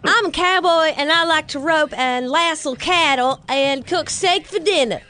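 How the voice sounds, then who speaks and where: A woman's voice: sits high, a little slow, bright, forceful tone, soft background music, pitched above the performer's own voice. A woman voicing a playful, boastful Texan cowboy caricature with a put-on Texan accent and a sing-song drawl.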